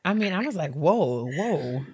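A woman's voice: low-pitched, very animated, a little slow, a little mellow, husky. A woman co-hosting a podcast in casual chat, dropping churchy praise and exclamations as she talks. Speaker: podcast co-host.

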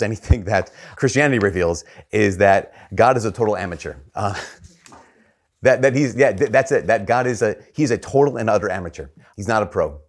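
Man, priest, somewhat low voice, church homily, conversational storytelling, self-deprecating. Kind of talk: gospel reading and homily.

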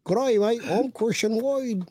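A man's voice: extremely high pitch, measured pace, warm tone, no room sound, voice pushed up. A man putting on an exaggerated Australian accent, impersonating a brash wildlife showman. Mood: hammy.

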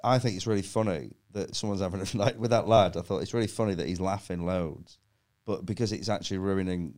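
A man's voice: low-pitched, fast, darkish tone. A man telling comic stories on a podcast, acting out the voices and laughing and swearing as he goes. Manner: acts out voices in anecdotes, laughs often, swears freely. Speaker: comedian guest. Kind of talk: casual podcast chat, animated storytelling.

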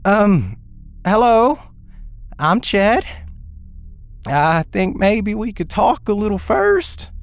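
A man's voice: high-pitched, sing-song, slow, vocal fry, pauses often, pitched above the performer's own voice, full character voice. A man voicing a nervous male judge who speaks with a shaky, hesitant voice.

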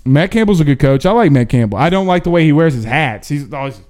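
Speaking quickly in a slightly high voice, this man hosts a sports talk show on a live stream, where he casually reads viewer questions aloud. His delivery is animated and drawling, with plenty of folksy asides.

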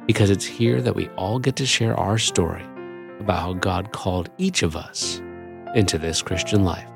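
A man hosting a radio program, reading scripted narration in a measured, rhetorical way. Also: deep voice, gravelly. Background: music bed.

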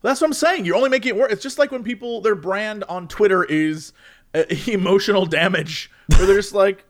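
A man, a streamer, chatting casually and acting out chat messages in a high, excited voice. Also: brisk.

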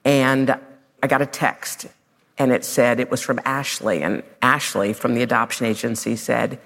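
A woman's voice: rumbling low, fairly even intonation, normal speed, vocal fry, long reverb tail. A woman TV host telling a personal story on stage, emphatic and heartfelt. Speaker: TV host interviewing. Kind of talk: conversational interview on stage. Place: stage before a live audience.

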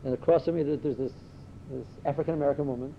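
A man giving a Torah talk as a rabbi, telling stories full of Yiddish and Hebrew words and climbing to excited emphasis. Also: very fast. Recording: dull lo-fi recording with faint rumble.

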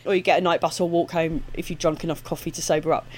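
A woman's voice: deep voice, fairly even intonation, fast talker, a little mellow. A middle-aged woman from Kent with an Estuary English accent, a guest comedian chatting casually and laughing often, with lots of fillers. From Kent, England. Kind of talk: casual podcast chat.

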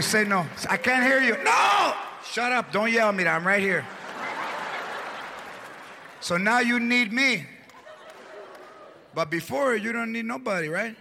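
Guy doing a sarcastic nagging old wife, gravelly, crowd noise. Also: high voice. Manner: sarcastic, scolding. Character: scolding older wife, sarcastic.

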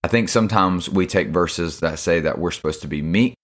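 A man's voice: low voice, a little fast. A young man hosting a casual devotional podcast, laid-back and slangy, with lots of fillers. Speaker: podcast host.

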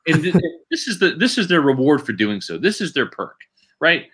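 Bright, animated sports podcast host. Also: male voice, on the high side, moderate pace, husky. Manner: animated, emphatic, seeks agreement with "right?". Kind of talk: casual sports podcast chat.

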